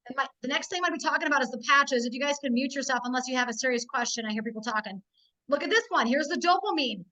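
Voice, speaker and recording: A woman giving an emphatic, animated sales presentation over a video call, often asking her audience "right?". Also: high-pitched, rapid-fire, rough recording. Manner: emphatic, talks to the audience directly with frequent "right?" and "guys".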